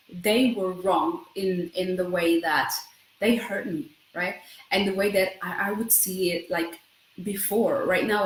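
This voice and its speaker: Thirties woman vlogging self-help stuff, talks fast, keeps saying right, roomy echo. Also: medium pitch. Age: 30s. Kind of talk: personal self-help vlog.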